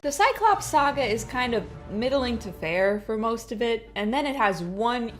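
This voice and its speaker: A woman's voice: a little high, expressive, normal speed, music in the background. Wry woman nitpicking a review. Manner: opinionated, nitpicking, dryly humorous. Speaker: video essay host. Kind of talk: scripted review commentary.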